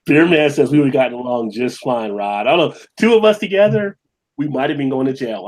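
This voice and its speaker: A man's voice: medium pitch, lively intonation, moderate pace, rough recording. Male beer-stream host, mid-range voice, loose conversational delivery, reads comments aloud. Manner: chatty, reads viewer comments aloud and laughs often. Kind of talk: casual live-stream chat.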